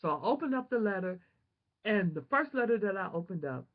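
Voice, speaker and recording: A woman vlogger telling a personal testimony in an animated, emotional, prayerful way, on a dull lo-fi home recording. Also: mid-range voice, fairly quick.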